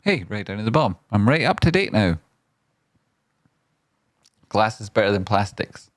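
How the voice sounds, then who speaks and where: A man hosting a live trading stream, riffing playfully in rambling chat and often jumping into a high silly voice. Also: animated, normal speed, pauses often, no echo. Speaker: trading livestream host.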